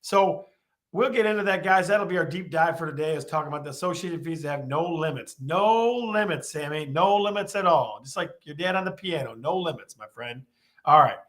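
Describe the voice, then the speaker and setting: A man's voice: on the high side, brisk, fairly bright tone. A man hosting a live-streamed real estate show, talking with lots of energy and repeating his questions to the viewers.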